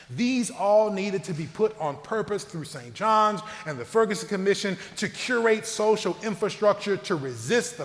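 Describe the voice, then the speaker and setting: A man from the Southern US, a clergyman, reading a prepared talk in a measured, earnest way with emphatic phrasing. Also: fairly high pitch, fairly bright tone. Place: church. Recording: long reverb of a church hall.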